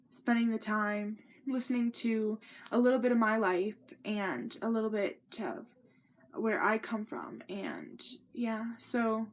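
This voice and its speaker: A young woman telling a personal story in a sit-down vlog, earnest and rambling, with many ums and restarts. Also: fairly high pitch. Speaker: vlogger.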